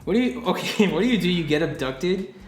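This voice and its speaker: A man's voice: high voice, expressive, a little fast. A man in his twenties co-hosting a podcast in casual chat, rambling with lots of swearing and fillers. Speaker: podcast co-host. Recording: roomy, faint music.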